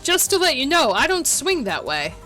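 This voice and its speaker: A woman voicing a young male bartender who is a gruff man's man, in a flat, guarded way, as she reads a game aloud. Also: high voice, normal speed, soft background music, full character voice.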